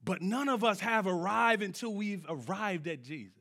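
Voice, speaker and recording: Pastor guy preaching in church, high voice, goes quiet then yells, gets the crowd to answer back. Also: animated, moderate pace. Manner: preaching with wide swings from quiet to shouting; call-and-response with the congregation. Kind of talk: sermon.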